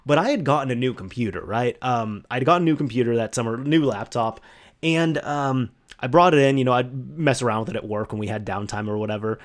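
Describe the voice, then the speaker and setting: A man's voice: medium pitch, brisk. A man hosting a solo podcast, telling a casual story full of "like" and restarts. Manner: chatty, full of "like" and restarts, acts out quoted voices. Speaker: podcast host.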